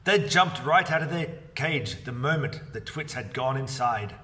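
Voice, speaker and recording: Man reading a kids' book, bright lively voice, distant mic. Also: mid-range voice, a little slow. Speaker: story reader. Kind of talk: reading a children's book aloud.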